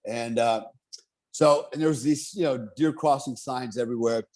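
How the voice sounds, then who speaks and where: A middle-aged man telling a story in casual chat, animated, swearing and laughing often. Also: mid-range voice, moderate pace.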